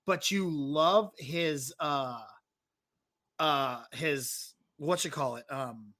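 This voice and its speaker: A man's voice: on the high side, extremely slow. Easygoing male podcast co-host. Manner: relaxed, hesitant, trailing off with fillers. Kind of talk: casual chat.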